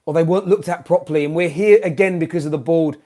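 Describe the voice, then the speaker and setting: A man with a British accent hosting a football fan channel, ranting live after a match, swinging from shouting to muttering and repeating himself in exasperation. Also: on the high side, fast. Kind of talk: live-stream post-match rant.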